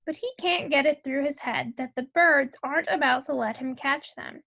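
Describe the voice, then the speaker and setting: A woman reading a children's novel aloud as narrator, telling the story in a clear, measured way. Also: high-pitched, sharp tone.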